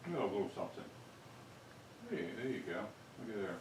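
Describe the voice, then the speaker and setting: A man's voice: fairly low pitch, very animated, brisk, a little mellow, slight background noise. A man working as camera operator and co-host, making casual offhand asides during a live stream. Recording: echoey room, from far off the mic.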